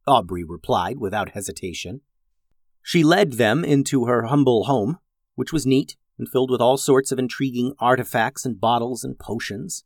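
A man narrating a children's story in an expressive, animated reading voice. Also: mid-range voice, dry recording, clean studio sound.

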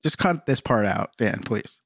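A man's voice: mid-range voice, lively intonation, moderate pace, breathy edge, no echo. A man co-hosting a casual podcast, dropping dry quips and laughing easily. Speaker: podcast co-host.

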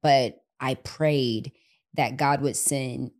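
Woman, young adult, podcast host, very low voice, effusive, restarts sentences, heartfelt chat. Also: steady tone, very slow, a little mellow. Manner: effusive, repeats herself and restarts. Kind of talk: heartfelt casual conversation.

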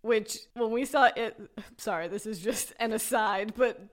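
A woman co-hosting a casual podcast, chatty and quick to laugh, telling stories with quoted asides. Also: on the high side. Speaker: podcast co-host. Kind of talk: casual chat.

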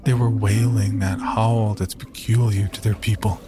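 A man narrating a horror story in a slow, grim first-person telling. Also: on the low side, level tone, over music.

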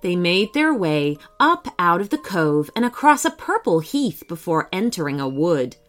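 A woman narrating a children's story gently, switching voices for each character. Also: fairly low pitch, very animated, moderate pace.

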